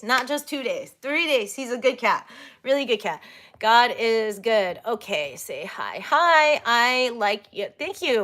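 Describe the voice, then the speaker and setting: Woman in her thirties, slightly high voice, chatty and giggly, casual stream host who swears in passing. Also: fairly bright tone. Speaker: livestreamer reading chat. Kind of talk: casual livestream chat.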